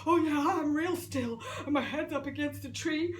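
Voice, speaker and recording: Woman doing a pushy, excitable big tiger. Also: high-pitched, moderate pace, a little hiss or hum, lightly acted. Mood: eager, pleading. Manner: pleading, excitable, breaking into laughter. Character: big blustering male tiger, vain and pushy. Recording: roomy echo, mic at a distance.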